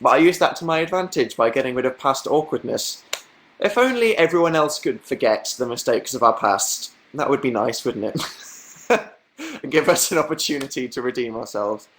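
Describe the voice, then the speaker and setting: A man's voice: animated, normal speed, a bit bright. Chatty young man livestreaming. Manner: chatty storytelling, acting out quotes in higher voices, laughing. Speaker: livestream host. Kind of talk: casual livestream chat.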